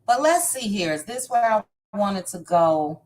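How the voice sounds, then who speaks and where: A woman's voice: medium pitch, very animated, unhurried, a little mellow. A woman hosting a casual live stream, greeting viewers one by one by name in a chatty, upbeat way. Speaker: livestream host.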